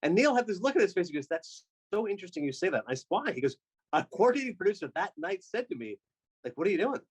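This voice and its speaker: A man from Canada, a sports broadcaster, telling quick animated stories in a casual podcast chat. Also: sits high, breathy edge, highs cut off. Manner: fast, animated storyteller with quick asides.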